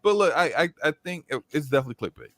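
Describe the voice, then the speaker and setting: Brief: male guest, mid-pitched, dry close sound, rambling storyteller. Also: big pitch swings, rapid-fire, a bit bright, dry recording. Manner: rambling, stammering restarts, acting out skits. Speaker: podcast guest. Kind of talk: casual podcast chat.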